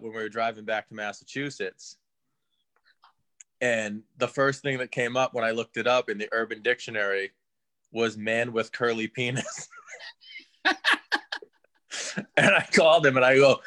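A man's voice: medium pitch, fairly bright tone. A man guest on a podcast, telling a casual story and laughing as he goes. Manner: laughs through his story.

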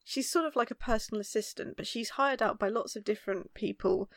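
A woman co-hosting a podcast, chatting casually, laughing often and telling stories with animated energy. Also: fairly high pitch, brisk, no echo, clean studio sound. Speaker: podcast co-host. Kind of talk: casual chat.

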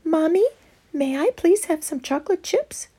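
A woman voicing an eager, honest little girl in a storybook reading, with a high pleading childish voice. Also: expressive, moderate pace, mellow.

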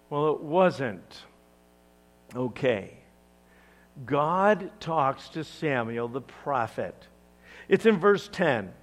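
A male pastor preaching a sermon in an expressive, dramatic, emphatic way. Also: mid-range voice, very slow, pauses often.

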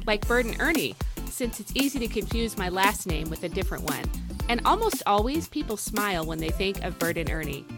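A middle-aged woman hosting a devotional podcast, chatty and playful, piling up emphatic repetitions and asides. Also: mid-range voice. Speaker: podcast host. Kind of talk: upbeat devotional podcast talk.

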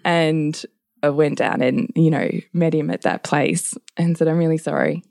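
Woman, middle-aged, podcast co-host, animated storyteller, low pitch, dry close recording. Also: a little slow, creaky, no room sound. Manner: animated storyteller, acts out quotes, laughs often. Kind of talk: casual storytelling chat.

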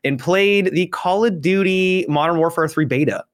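A man's voice: sits high, moderate pace. A man co-hosting a podcast, chatting casually with dry, teasing remarks. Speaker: podcast co-host.

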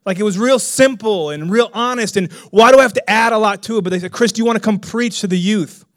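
A middle-aged man preaches in a high, bright voice. He tells his story with animated energy and breaks into loud, excited exclamations. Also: quick pace. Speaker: pastor. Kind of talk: sermon storytelling.

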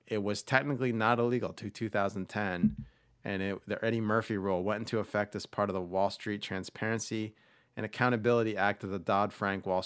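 This podcast host speaks in a fairly low, clean voice while rambling through a casual movie chat, full of fillers and false starts. The sound is clean studio audio without any echo.

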